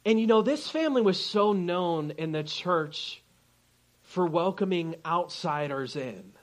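A pastor with a fairly high voice preaches to his congregation, spinning a lively personal story. He plays the people he quotes, switching voices as the tale goes on. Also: a little slow. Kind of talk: sermon with storytelling.

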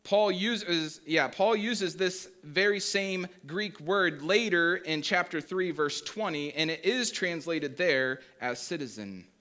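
Pastor, male, fairly high bright voice, chatty sermon delivery, reads scripture aloud. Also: slow, hardly any pauses. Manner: conversational, asks the congregation questions.

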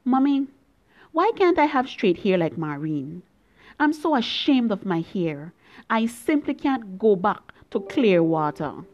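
A woman's voice: mid-range voice, sing-song, a little slow, a little mellow, muffled recording. A woman reading a story in a young girl's voice, full of earnest, pleading questions to her mother. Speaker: reader.

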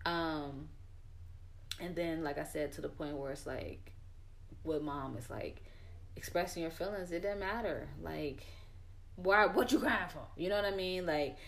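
A young woman with a slightly low voice chats casually about her life. She tells her story candidly and fills it with everyday fillers. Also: steady tone, measured pace, vocal fry. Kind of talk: casual chat.

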